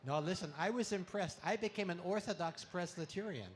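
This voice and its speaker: A male comedian on stage, trading in puns with a playful, bouncy delivery. His voice sits a little high for a man and swells loud on punchlines. A faint room ambience hangs behind him. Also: brisk, a little hiss or hum. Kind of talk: stand-up comedy talk. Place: expo stage before a live audience.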